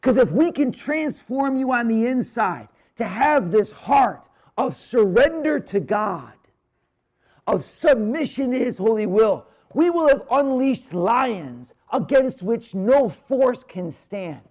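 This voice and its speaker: High-voiced energetic male priest preaching. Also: slow pace. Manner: energetic, conversational preacher with sudden drops to quiet. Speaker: priest giving a marriage retreat talk. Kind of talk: live retreat talk. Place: church room near the Blessed Sacrament.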